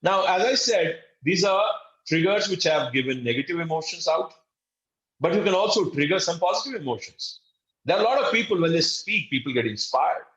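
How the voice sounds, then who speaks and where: A man's voice: fairly high pitch, lively intonation, a little fast, a bit bright, dull audio. Emphatic male lecturer in an echoey room. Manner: earnest, emphatic, addresses listeners as friends, acts out little quoted exchanges. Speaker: course instructor. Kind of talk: recorded online course lecture.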